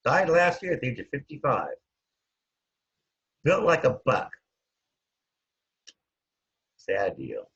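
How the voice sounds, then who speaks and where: Husky, animated man telling his story. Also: slow, pauses often. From Hawaii. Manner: animated, jumps up and down in pitch, trails off with "anyways". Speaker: guest. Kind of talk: casual storytelling. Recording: dull lo-fi sound.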